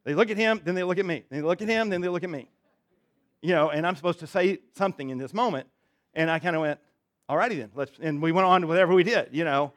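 Male pastor, fairly high voice, delivering a casual, folksy sermon full of asides and self-corrections. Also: fast, fairly bright tone. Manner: conversational and folksy, with frequent restarts and asides. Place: church sanctuary.

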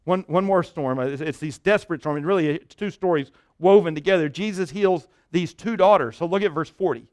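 A fairly high-voiced man preaching a sermon from a pulpit. He tells the story with rising energy and falls to a soft hush at the tender parts, often stumbling over repeated words. The sound is dry and close, with no room echo. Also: fairly quick, few pauses. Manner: animated storytelling, dropping to a hush for tender moments; repeats words and restarts while thinking aloud. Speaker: pastor.

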